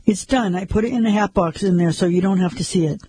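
A man voicing a calm, controlling woman who gives firm, steady instructions. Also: sits high, fast talker, breathy edge, no room sound.

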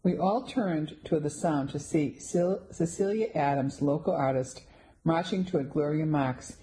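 A woman narrating a first-person story in a steady, scripted storytelling delivery. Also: low-pitched, moderate pace, slight background noise, low-quality recording. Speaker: audiobook narrator.

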